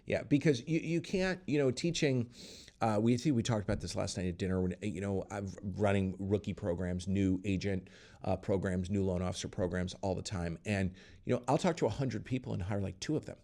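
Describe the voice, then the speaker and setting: A middle-aged man hosting a casual interview, talking in a lively way and acting out the voices of people he quotes. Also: fairly low pitch, a little fast. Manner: animated, acts out quoted voices. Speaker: podcast host.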